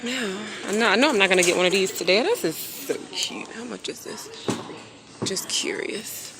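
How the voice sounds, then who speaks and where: A woman chatting casually and excitedly to her phone camera as she browses a large home decor store. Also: mid-range voice, normal speed, noisy background. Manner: chatty, excitable, thinks aloud. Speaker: vlogger. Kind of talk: casual shopping vlog. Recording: store background music. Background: store music playing.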